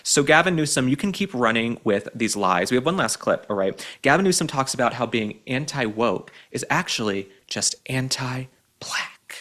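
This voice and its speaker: A man's voice: medium pitch, animated, moderate pace, few pauses, fairly bright tone. A man hosting a political commentary show, talking in a sarcastic, combative and mocking way.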